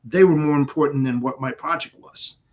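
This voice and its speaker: A man's voice: on the high side, fairly quick. A man in casual podcast chat, earnest and speaking in short statements. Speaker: podcast co-host.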